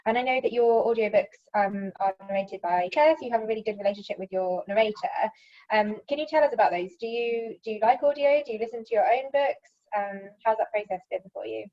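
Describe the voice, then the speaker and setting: A woman's voice: on the high side, brisk, muffled recording. A woman editor asking an author questions in a casual video-call interview.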